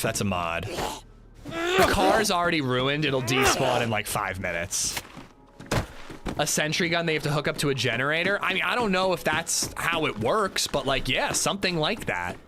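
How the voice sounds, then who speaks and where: A man's voice: on the high side, sing-song, normal speed. A man streaming a game, chatting casually and rambling, with lots of filler words. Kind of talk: casual livestream gaming commentary. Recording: noisy background hiss.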